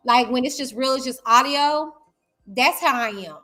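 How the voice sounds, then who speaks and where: A woman hosts her own commentary vlog, speaking to viewers in a loud, high-energy way. Her voice sits high and rings bright and forceful. She keeps it chatty, pulling her audience in. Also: moderate pace, faint music behind. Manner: chatty, addresses viewers directly. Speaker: YouTuber host.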